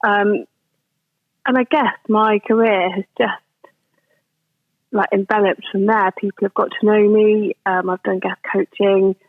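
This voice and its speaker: A woman's voice: medium pitch, steady tone, unhurried, long pauses, no room sound. A woman in her forties, a rugby coach, answering podcast questions in a chatty, rambling way with many ums and restarts, heard over a phone or call line. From England. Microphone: phone or video call. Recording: tinny phone line, dry.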